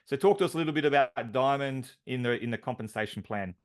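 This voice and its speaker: A man's voice: medium pitch, quick pace. A man co-hosting a team call, announcing award winners with enthusiastic, filler-heavy talk.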